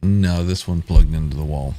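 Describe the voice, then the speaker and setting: A man's voice: rumbling low, moderate pace, mellow. A man hosting a casual live stream, reading out viewer comments and chatting with guests. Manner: reads viewer comments aloud, laughs often. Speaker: host reading live chat.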